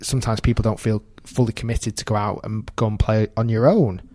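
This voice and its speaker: A man's voice: on the low side, fairly even intonation, fairly quick, warm tone. A man co-hosting a podcast in casual chat, thinking aloud and often restarting his sentences. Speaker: podcast co-host.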